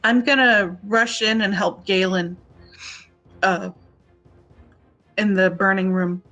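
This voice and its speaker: A woman's voice: mid-range voice, steady tone, slow pace, pushed and bright, highs cut off, soft background music. A woman player in a tabletop game who describes her character's moves in a hesitant way, thinking aloud with restarts. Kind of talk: tabletop role-play, in character decisions.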